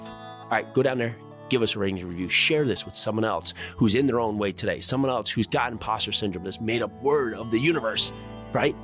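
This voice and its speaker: A man's voice: fairly low pitch, a bit bright. A man hosting a podcast, delivering an emphatic motivational monologue built on repeated rallying phrases. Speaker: podcast host.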